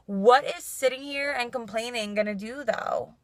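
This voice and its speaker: A woman's voice: a little high, moderate pace, few pauses, a bit bright, no room sound. A young woman vlogging in a casual, chatty way, saying "like" constantly and laughing through her frustration. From New York. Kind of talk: casual vlog chat.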